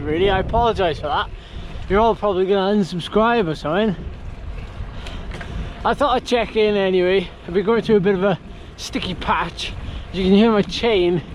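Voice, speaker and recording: A man's voice: high-pitched, a little hiss or hum, rough recording. A man chatting casually to a handheld camera outdoors during a long bike ride, rambling with plenty of fillers. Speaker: cyclist vlogger.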